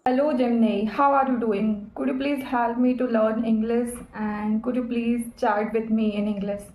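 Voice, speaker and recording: A woman's voice: fairly high pitch, steady tone, normal speed, roomy sound, dull audio. A woman practicing English in a casual chat, talking carefully and hesitantly. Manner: careful, hesitant, many fillers.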